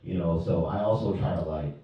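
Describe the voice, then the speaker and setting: A man's voice: deep voice, brisk. A young man doing stand-up, conversational and fond of repeating his punchlines, heard in a comedy club from a distance. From Nigeria. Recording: distant, echoey dull club recording.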